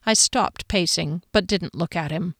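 A woman's voice: fairly low pitch, unhurried, a bit bright, no room sound. Woman narrating an audiobook, dry. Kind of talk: first-person audiobook narration.

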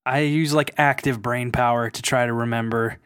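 A man's voice: mid-range voice, steady tone, normal speed, a bit bright, clean tone. A man co-hosting a podcast in casual chat, dropping dry quips and teasing asides. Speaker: podcast co-host.

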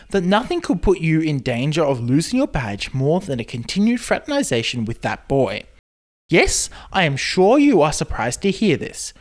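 A podcast host reading a letter aloud as a pompous young male wizard, in a stiff put-on British accent. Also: medium pitch.

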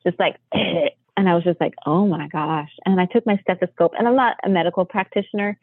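A middle-aged woman from the United States tells a story with animated energy and acts out what people said. Her voice comes through dry and narrow, like a phone line. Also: lowish voice, a little fast, no echo. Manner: animated, acts out quotes with laughs. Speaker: podcast guest. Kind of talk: storytelling interview chat.

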